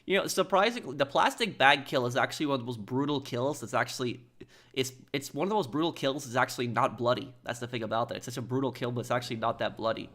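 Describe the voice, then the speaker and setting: A man's voice: mid-range voice, fast talker, fairly bright tone. Rambling male game streamer reading chat. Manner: rambling and hesitant, with frequent ums and restarts. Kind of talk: casual live-stream chat, reading and answering viewer messages.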